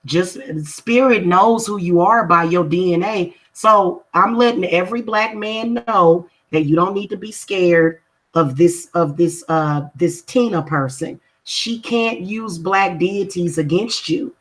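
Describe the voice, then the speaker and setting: A woman's voice: lowish voice, unhurried. A woman who reads and does spellwork, talking casually to viewers in a confrontational, emphatic way and repeating her points for stress. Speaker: spiritual practitioner and reader. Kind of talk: casual livestream talk to viewers.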